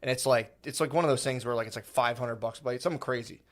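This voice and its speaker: A man's voice: medium pitch, rapid-fire. A man, co-hosting a podcast in casual, rambling, profane chat. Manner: rambling, profane, quotes people in put-on voices. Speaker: podcast co-host.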